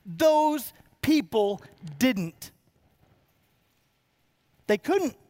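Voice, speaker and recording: High-voiced preacher man, animated delivery. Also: drawn-out words, dry recording. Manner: animated, acts out quotes in varied voices. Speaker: pastor. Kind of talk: sermon.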